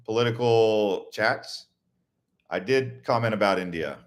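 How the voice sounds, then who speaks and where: Casual rambling American man, lowish voice. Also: unhurried. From United States. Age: adult, Navy veteran. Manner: rambling, storytelling, frequent restarts. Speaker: live stream host answering viewer questions. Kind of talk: casual live stream chat.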